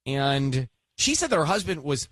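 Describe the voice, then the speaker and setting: A male radio host leading studio banter in a brisk, teasing way. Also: a little high, big pitch swings, a bit bright, no echo. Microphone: studio microphone.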